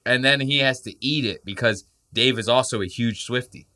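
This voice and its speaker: A man's voice: medium pitch, moderate pace, bright, forceful tone, dry recording, clean studio sound. A young man hosting a podcast, reacting to clips in a crude, mocking, joking way and swearing freely. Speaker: podcast host. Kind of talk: casual reaction commentary.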